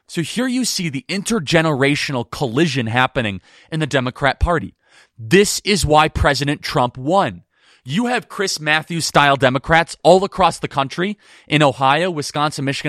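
Guy doing punchy political commentary, kinda high voice, dry close sound. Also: a bit bright, no room sound. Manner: emphatic, quick and combative. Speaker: podcast host.

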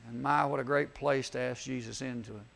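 A man preaching gently and earnestly at a camp chapel, leading a prayer and an invitation. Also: medium pitch, fairly even intonation, fairly quick, creaky. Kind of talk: sermon with altar call prayer.

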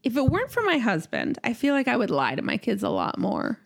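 Animated, expressive woman telling a story. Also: on the high side, fairly quick, vocal fry. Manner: animated storytelling, frequent swearing. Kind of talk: casual chat.

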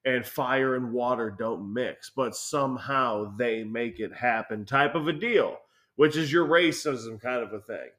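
A man's voice: mid-range voice, measured pace, fairly bright tone. A young man telling a rambling, profanity-filled story in casual chat as a podcast co-host.

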